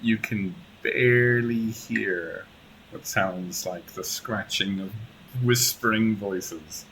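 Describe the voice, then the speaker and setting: A man in the game master's seat, talking slowly with a slightly low voice. His narration is easygoing and halting, broken up by frequent chuckles. A faint hiss sits behind him. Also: a bit bright, rough recording.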